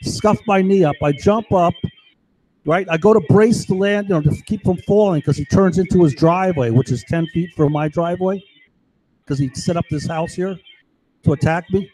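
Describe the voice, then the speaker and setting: A man's voice: high-pitched, normal speed, dark tone, rough recording. A man ranting angrily and rambling about his grievances, swearing often. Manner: profane, agitated. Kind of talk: angry personal rant.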